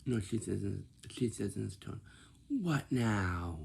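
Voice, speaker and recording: A man's voice: on the low side, little pitch movement, moderate pace, gravelly, mellow, a little hiss or hum. A man telling a casual, rambling story, often stopping to repeat and correct himself.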